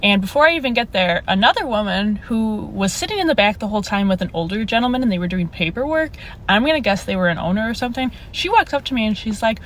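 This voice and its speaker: A woman's voice: medium pitch, lively intonation, quick pace, a bit bright, a little hiss or hum. Exasperated young woman telling a storytime. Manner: exasperated, incredulous, laughing through the story. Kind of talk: casual storytime.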